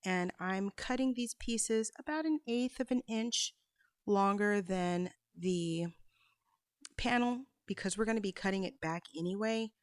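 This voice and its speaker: A woman's voice: mid-range voice, unhurried, dry recording, rough recording. A woman giving a patient, step-by-step sewing tutorial as a voice-over, with small asides as she works. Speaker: quilting instructor.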